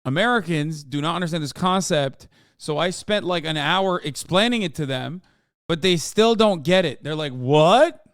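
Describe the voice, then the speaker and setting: A male streamer in casual commentary, riffing sarcastically and swearing freely. His voice sits a bit high and comes through smooth and clean. The sound is dry and close. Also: lively intonation, normal speed, a bit bright, no echo. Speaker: streamer host.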